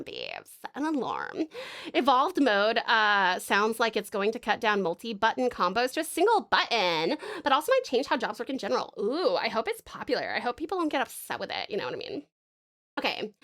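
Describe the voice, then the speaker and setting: A young woman from Tasmania, Australia, streams a game in a fairly high, slightly bright voice. Her casual chat is bubbly and giggly, and she swears freely.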